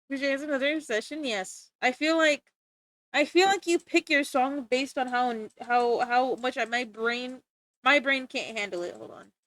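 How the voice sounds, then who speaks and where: A woman's voice: sits high, moderate pace, fairly bright tone, no echo. A woman streaming live while she draws, chatting casually and playfully, giggling and making exaggerated complaints.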